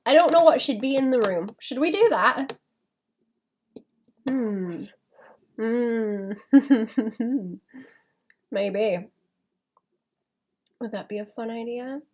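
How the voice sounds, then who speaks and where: A woman's voice: a little high, animated, extremely slow, long pauses, darkish tone. A woman chatting casually while she draws on a live stream, thinking aloud with small laughs and restarts. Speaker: illustrator streaming her drawing.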